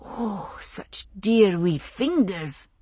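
A woman voicing young twin brothers who speak in hushed, breathy wonder. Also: high-pitched, lively intonation, unhurried, dry recording, heavily acted. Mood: awed.

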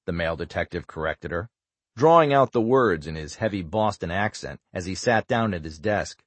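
A man narrating a thriller audiobook in an even, subdued voice. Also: low-pitched, moderate pace, dry recording.

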